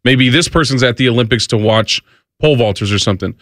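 A man co-hosting a casual talk show, relaxed and agreeable as he adds his own take. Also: mid-range voice, fast, dry recording, clean studio sound. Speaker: co-host. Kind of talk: casual chat.

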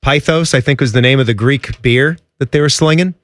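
With a medium-pitched, fairly bright voice, a male radio co-host talks a little fast in casual banter. He rambles with lots of fillers while describing things with eager enthusiasm.

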